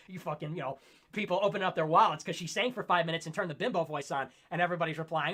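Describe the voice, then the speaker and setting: A man in his twenties co-hosting a casual late-night stream, ranting and animated, mocking people with put-on voices. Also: high voice, fast. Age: 20s. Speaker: co-host.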